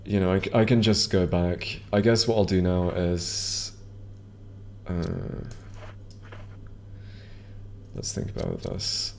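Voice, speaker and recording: A man's voice: low-pitched, measured pace, vocal fry, a little mellow, slight background noise. A man streaming a video game, chatting casually to viewers, rambling with many ums and restarts. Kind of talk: casual gameplay commentary. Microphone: headset or desk mic.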